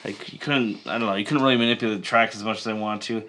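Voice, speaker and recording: A man's voice: fairly low pitch, fairly even intonation, racing, background noise. A man co-hosting a live board game stream. He chats casually and reads the rules aloud as he plays. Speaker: co-host of a board game channel. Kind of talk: casual chat while playing a board game.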